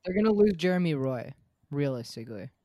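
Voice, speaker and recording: A man chatting casually on a sports podcast, excitable and jokey, often trailing off quietly. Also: fairly high pitch, fast talker, dry recording, clean studio sound. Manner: excitable, jokey, drifts quiet at line ends. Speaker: podcast co-host.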